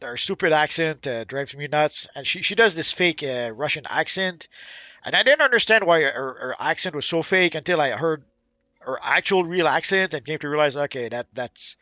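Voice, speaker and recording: A man's voice: on the high side, animated, sharp tone, no room sound. A man co-hosting a game livestream in casual chat, blunt and opinionated, often stumbling and repeating words as he talks. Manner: halting, repeats words, trails off.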